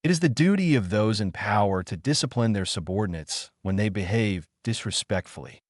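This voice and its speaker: A stern, formal student council president, as a man reads her out, his lowish voice lively in pitch and recorded dry. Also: brisk, dry recording.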